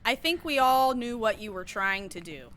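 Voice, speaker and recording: A woman's voice: a little high, animated, moderate pace, fairly bright tone, a little hiss or hum. A young woman streaming a game, chatting casually with her viewers and shrieking and laughing at mishaps. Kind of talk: casual live-stream chat while gaming.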